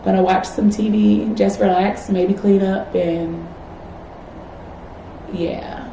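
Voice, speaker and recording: A woman's voice: on the low side, dark tone, slight background noise. A woman in her twenties, a medical student, talking candidly and reflectively in a personal vlog, encouraging herself with casual fillers. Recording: echoey room with faint ambience.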